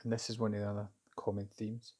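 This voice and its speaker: A man's voice: lowish voice, flat delivery, fast, darkish tone. A Scottish man casually recounting a story in a rambling, hesitant way, with lots of fillers and restarts. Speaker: vlogger recounting a job interview.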